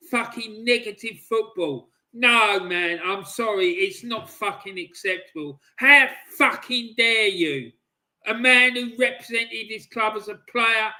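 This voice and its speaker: Angry guy ranting about football, high bright voice, swearing and yelling. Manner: furious, sweary, shouting bursts. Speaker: football channel host. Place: at home, stepped off camera.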